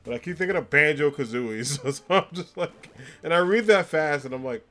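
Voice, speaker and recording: Streaming a game, a man talks with his audience in a fairly bright, animated voice that sits on the high side and moves a little fast. He reads out comments from viewers and replies, laughing often and filling his rambling chatter with fillers. Faint game music runs underneath.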